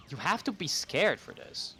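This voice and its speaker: A male co-commentator with a bright, sharp voice and a playful, joking manner. He laughs often and teases his partner while calling the match. Faint music sits behind him. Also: a little high, husky. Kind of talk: live esports commentary.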